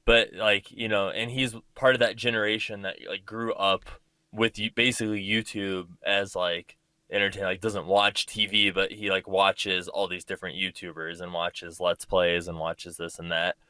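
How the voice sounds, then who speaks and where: A man's voice: deep voice, little pitch movement, normal speed, pushed and bright, no echo. A man hosting a podcast, chatting loosely and filling his talk with "like". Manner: loose, filler-heavy, says "like" constantly. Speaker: podcast host. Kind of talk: casual podcast chat.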